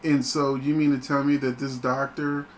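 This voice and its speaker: Male host, casual animated film reviewer, average pitch, slight background hiss. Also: moderate pace, poor audio. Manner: animated, chatty, laughs often.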